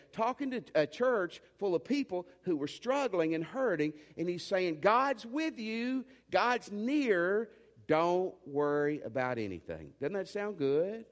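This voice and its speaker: High-voiced preacher in a reverberant hall. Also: male voice. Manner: emphatic preaching with rising commands and folksy asides. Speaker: pastor. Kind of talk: sermon. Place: church.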